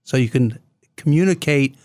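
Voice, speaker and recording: A man's voice: medium pitch, moderate pace, darkish tone, no room sound, studio quality. A middle-aged man hosting a business podcast, chatting casually with a guest and dropping in filler sounds as he goes. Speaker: podcast host. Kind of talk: casual interview chat.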